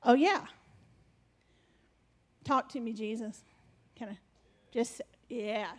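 A woman's voice: on the high side, slow. A woman preaching animatedly and directing a live skit with her congregation.

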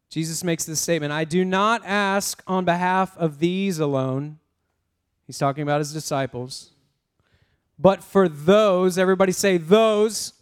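High-voiced pastor calling for responses. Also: male voice, clean tone. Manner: energetic, call-and-response with congregation; casual, self-interrupting. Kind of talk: sermon.

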